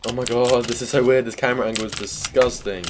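A man's voice: medium pitch, fairly even intonation, quick pace, background noise. A man streaming a video game, chatting casually with swearing and teasing banter. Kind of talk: casual gaming stream chat. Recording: loud keyboard clicking behind.

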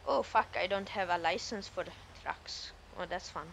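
A man's voice: sits high, moderate pace, creaky, a bit bright, a little hiss or hum. A man streaming a role-play game as a garbage collector, playful, trying on accents in slightly broken English. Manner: playful, switches between put-on accents. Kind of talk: casual role-play chat while gaming.

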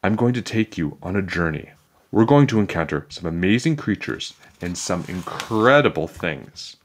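A man voicing an odd, cheerful woman tour guide at a museum, excitable and dramatic in a storybook reading. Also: low-pitched, moderate pace, a little hiss or hum. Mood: hushed. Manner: excitable, dramatic, hushed at times.

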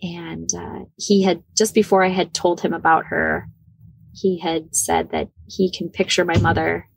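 A woman in her forties from the Midwest of the United States, telling a personal story as a podcast guest, animated and laughing often. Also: fairly low pitch, unhurried, gravelly, breathy edge, no room sound. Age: 40s. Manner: animated, laughs often, acts out quoted dialogue.

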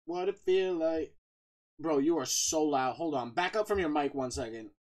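A man streaming a game live, chatting casually, reading out viewer shout-outs, joking and laughing often. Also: on the high side, moderate pace. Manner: bursts of loud excited talk.

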